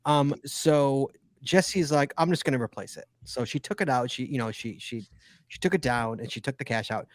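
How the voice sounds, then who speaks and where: A man's voice: medium pitch, moderate pace, no echo. A man hosting a casual podcast, teasing his co-hosts and rambling with fillers. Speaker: podcast host.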